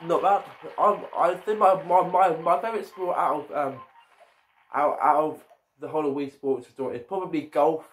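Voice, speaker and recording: A man's voice: fairly high pitch, steady tone, normal speed. A man giving casual let's-play commentary as a gaming YouTuber, often stumbling and repeating his words.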